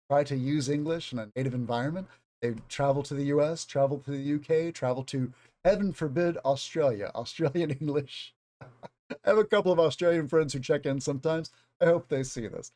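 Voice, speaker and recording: A man's voice: on the high side, mellow. A man with a Southern US accent, an English teacher giving an unscripted, rambling video lesson. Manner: rambling, conversational, self-aware.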